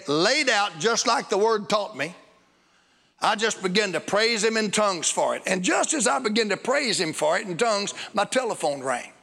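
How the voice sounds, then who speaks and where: Man preacher, gravelly, storytelling, big hall reverb. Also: high-pitched. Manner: storytelling, rising to excited bursts. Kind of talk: sermon. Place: church hall. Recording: echoey hall.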